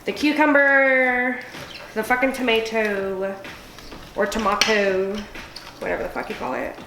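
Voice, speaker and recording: A woman's voice: sits high, steady tone, brisk, creaky, background noise. A tipsy woman hosting a casual cooking video, crude and giggly with lots of swearing. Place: home kitchen. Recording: echoey room with faint music.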